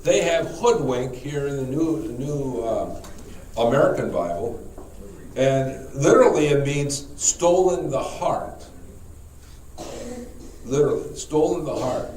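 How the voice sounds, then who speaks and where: A man, a priest, leading a Bible study class, speaking haltingly, repeating words and putting questions to the group. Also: mid-range voice, expressive, a little mellow. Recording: echoey room, mic far off, faint noise.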